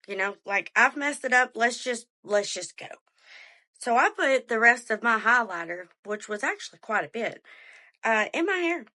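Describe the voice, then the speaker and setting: A woman tells a story on her podcast, animated and chatty, often calling her listeners y'all. Her voice has a bright, forward edge and sits at an ordinary pitch. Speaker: podcast host. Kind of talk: casual storytelling monologue.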